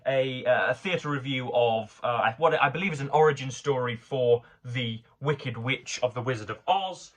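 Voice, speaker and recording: A vlogger reviewing the newspaper reads items aloud in a mid-range, sharp-toned voice. He delivers dry, sardonic asides, but his speech is halting, full of fillers and restarts as he often stumbles over words.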